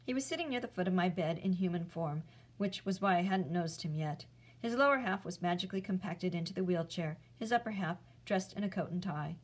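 A woman, a teacher, reading a chapter book aloud in a clear, steady storytelling voice. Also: fairly low pitch, a little fast, poor audio.

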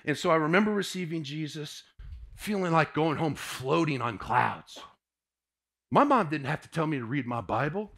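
A motivational speaker in his forties from Indiana, USA, shares a personal testimony with a live audience, moving from hushed to booming. His delivery is sing-song at a moderate pace.

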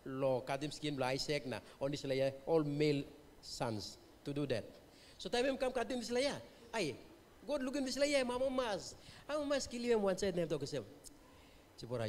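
In a church hall with long reverb, a male pastor with a Papua New Guinean accent preaches a revival sermon, shifting between English and Tok Pisin and putting questions to the congregation. His voice is high, with a little hiss or hum on the recording.

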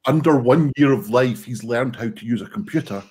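A man hosting an online comedy show in a relaxed, chatty way, laughing easily. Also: medium pitch, brisk, breathy edge. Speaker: host.

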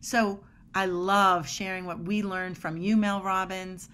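A woman guest on a podcast explaining body language in an energetic, emphatic way. She often acts out little quoted dialogues as she makes her points. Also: mid-range voice, a little slow. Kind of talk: animated podcast conversation.

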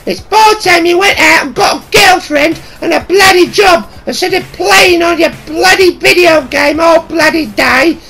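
A man's voice: measured pace, gravelly, few pauses, heavily acted. A man doing a shrieking mum. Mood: furious scolding. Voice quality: screeching falsetto, yelled from afar. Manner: nagging, swearing, threatening. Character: shrill scolding working-class mum, middle-aged woman.

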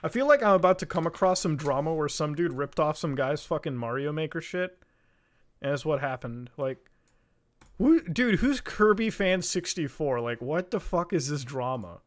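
A young man chatting casually on a livestream, swearing a lot, getting excited and laughing often. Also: a little high, normal speed. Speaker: streamer.

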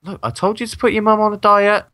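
A man's voice: high voice, little pitch movement, fast, sharp tone. A man joking and swearing while playing a game with a friend. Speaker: gamer co-host. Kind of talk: casual gaming chat.

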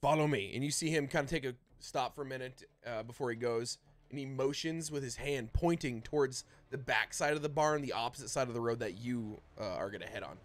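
A man narrating a tabletop game as dungeon master, describing scenes with lively swings in loudness. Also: medium pitch, brisk.

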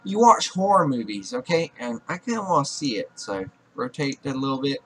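A man's voice: mid-range voice, big pitch swings, brisk, fairly bright tone, slight background noise. A young man giving profane gaming commentary, scolding and bossing around the characters he controls, audibly exasperated. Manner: exasperated, scolds the game characters, swears a lot. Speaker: gaming YouTuber. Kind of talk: profane Let's Play commentary.

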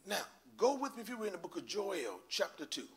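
A middle-aged man, a pastor preaching a sermon that rises from hushed storytelling to shouting fervor. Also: sits high, very animated, fairly quick.

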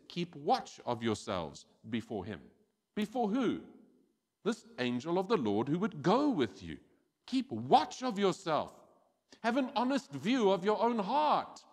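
A man preaching a sermon as pastor, animated and acting out quoted voices. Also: fairly high pitch. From South Africa. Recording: church hall with long reverb.

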